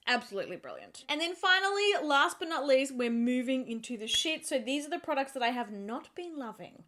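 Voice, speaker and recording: A woman beauty vlogger giving a casual, chatty product review, animated and emphatic, often repeating words for effect. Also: sits high, a little fast.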